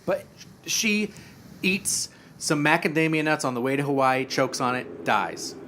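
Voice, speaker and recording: A young man co-hosting a podcast, casually retelling a TV episode and acting out the characters' lines in quiet quoted voices. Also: fairly high pitch, lively intonation, a little slow, a little hiss or hum. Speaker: podcast co-host.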